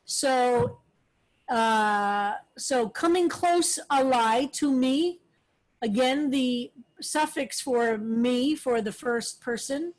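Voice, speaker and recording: A woman rabbi leading a text study, explaining words slowly with many pauses and fillers. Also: sits high, low-quality recording. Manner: slow, explanatory, with frequent fillers. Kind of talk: relaxed Hebrew text lesson.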